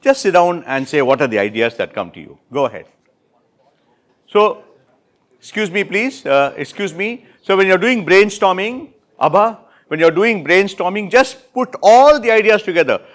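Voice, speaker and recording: A man with an Indian English accent running an interactive classroom workshop, repeating and rephrasing students' answers with brisk praise. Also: sits high, big pitch swings. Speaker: workshop instructor.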